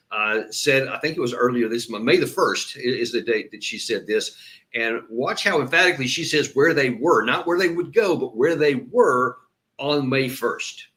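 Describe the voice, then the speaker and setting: A man's voice: mid-range voice, a bit bright. Emphatic man commenting. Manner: emphatic, repeats words when stressing a point; breaks off sentences and restarts, says "uh". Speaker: host and commentator. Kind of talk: solo political commentary with played clips.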